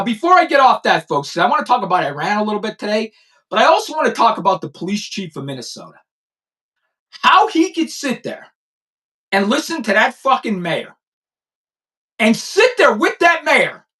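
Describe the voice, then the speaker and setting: A man's voice: high voice, wildly swooping pitch, normal speed, long pauses, pushed and bright. A man in his fifties, a former police chief, hosting a blunt, profane news commentary and repeating lines for emphasis. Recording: voice a bit distant from the mic.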